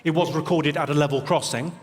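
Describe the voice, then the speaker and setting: A male stand-up comedian with a posh English accent, delivering dry, deadpan one-liners on a theatre stage. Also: fairly high pitch, fast, very noisy. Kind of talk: stand-up routine. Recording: reverberant theatre, loud crowd.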